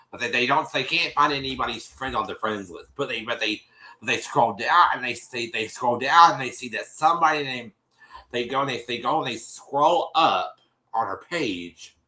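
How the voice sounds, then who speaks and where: Male host, casual recap chat, very bright tense tone, rambling delivery. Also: medium pitch. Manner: rambling, many restarts, acts out quotes. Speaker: show host recapping an episode.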